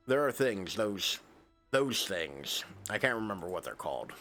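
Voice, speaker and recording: Guy streamer reading game text out loud, low voice, jokey cursing asides. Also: sing-song, normal speed, gravelly, soft background music. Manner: reads narration then breaks off into joking, swearing asides. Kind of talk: reading game text aloud with casual commentary.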